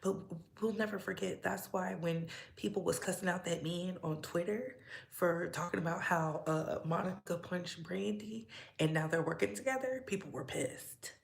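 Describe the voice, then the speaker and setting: A woman's voice: lowish voice, moderate pace, vocal fry. A young adult woman hosting a casual gossip livestream, chatty and sassy, greeting her viewers by name and laughing often. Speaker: livestream host.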